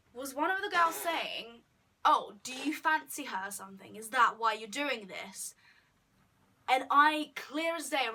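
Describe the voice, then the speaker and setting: A young woman telling a storytime vlog in a chatty, animated way, acting out what people said. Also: sits high. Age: young adult. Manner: chatty, animated retelling with quoted asides. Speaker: vlogger. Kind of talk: casual storytime.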